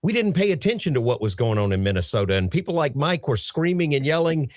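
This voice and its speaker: A man's voice: fairly high pitch, sing-song, fast, no echo, clean studio sound. A man hosting a talk show, putting conversational questions to his guests. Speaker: host.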